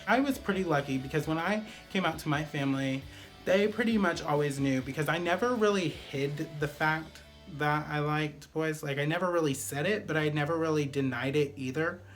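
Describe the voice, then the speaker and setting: A man's voice: a little high, normal speed, faint music behind. A man vlogger telling a personal story in a casual, chatty way, full of fillers like "like" and "pretty much".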